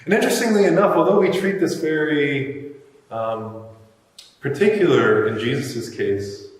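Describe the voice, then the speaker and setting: A man's voice: mid-range voice, animated, measured pace. Male preacher, reflective and musing, recorded from afar in a big echoey hall. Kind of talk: sermon. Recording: echoey hall, mic far off.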